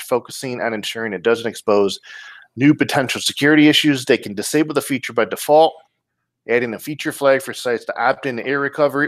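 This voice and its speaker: A man hosting a casual tech podcast, talking in a relaxed way with many ums and restarts. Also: medium pitch, no echo. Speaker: podcast host. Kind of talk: casual podcast chat, reading listener comments.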